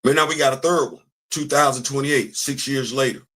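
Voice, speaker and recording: A man hosting a commentary channel talks briskly in a medium-pitched voice, casual and animated. He repeats phrases and answers himself back and forth.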